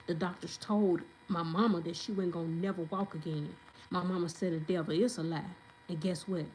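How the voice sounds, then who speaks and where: A woman's voice: lowish voice, a little mellow, slight background noise, rough recording. Emphatic woman venting her story. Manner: emphatic, venting, talks straight to viewers. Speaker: vlogger telling her story. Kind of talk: casual storytelling rant.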